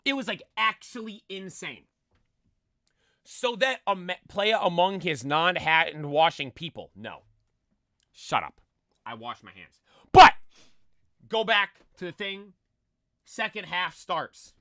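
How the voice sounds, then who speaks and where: A man's voice: high-pitched, big pitch swings, slow, pauses often, sharp tone, no echo, studio quality. A young man telling a story with lots of energy, rambling with many fillers and restarts, his voice a little strained from screaming. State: voice nearly lost from screaming. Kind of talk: excited storytelling.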